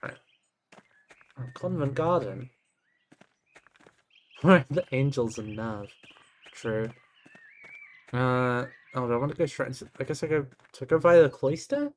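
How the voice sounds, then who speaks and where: A man's voice: medium pitch, unhurried, pauses often, slight background noise. A young man streaming a game, chatting casually, reacting aloud and reading game text. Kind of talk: casual gaming commentary.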